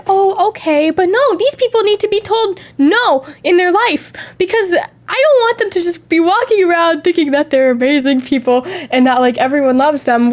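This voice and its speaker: A young woman with a high, light voice chats casually on a stream. She is sick with a lingering cough and tells stories in an animated, lively way. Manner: animated, chatty storytelling with acted-out quotes. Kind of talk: casual chat.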